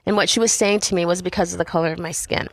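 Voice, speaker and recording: A middle-aged woman from Canada, a podcast guest sharing a personal faith story in animated conversation. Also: lowish voice, very fast. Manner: animated storytelling, acting out voices in quotes.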